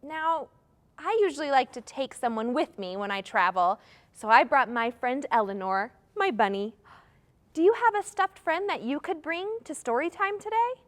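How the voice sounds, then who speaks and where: A woman's voice: high voice, expressive, normal speed, a bit bright. A young woman leading a live children's story time, talking in a singsong, encouraging way to young children.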